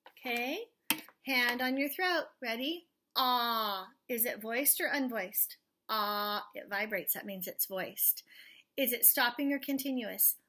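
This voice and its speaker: A woman teacher giving a phonics lesson from home to young children, sounding out each letter slowly and clearly with an encouraging tone. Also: on the high side, bright, forceful tone.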